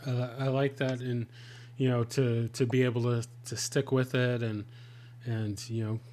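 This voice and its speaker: Man, podcast host, casual interview, halting questions, many fillers. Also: mid-range voice, little pitch movement, darkish tone, a little hiss or hum.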